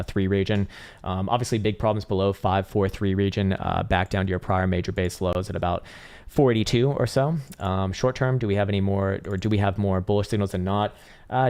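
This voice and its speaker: This crypto trading livestream host has a low voice with a darkish tone. His casual chart stream is rambling and profane, packed with fillers, and his voice sounds strained and weary.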